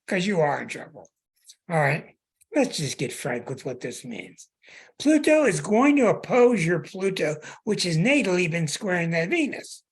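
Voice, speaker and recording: A male astrologer host reads a caller's chart with a husky, slightly rough voice. His pitch swings widely as he hammers home his points. He is plain-spoken and repeats himself for emphasis. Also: a bit bright. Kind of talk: call-in astrology chart reading.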